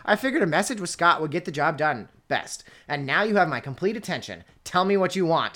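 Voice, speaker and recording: A woman reading a novel aloud, voicing an irritated, sharp-tongued young woman who answers indignantly. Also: sits low, very animated, fairly quick, full character voice. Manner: snappish and indignant.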